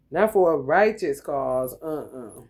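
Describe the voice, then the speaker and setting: Profane, animated woman tarot reader. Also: low voice. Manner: animated, profane, frequent laughter, talks to viewers directly. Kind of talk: casual profane tarot reading monologue.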